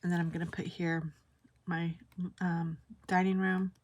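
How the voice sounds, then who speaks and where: Chatty woman vlogger, lower voice. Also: a little slow. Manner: animated, exclaims often. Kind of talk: casual chatty storytelling.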